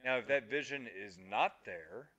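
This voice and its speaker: Bright-voiced man explaining game tactics. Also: mid-range voice, animated, measured pace. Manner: explanatory, emphatic, swears casually. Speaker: podcast co-host. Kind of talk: casual gaming podcast discussion. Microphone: streaming microphone.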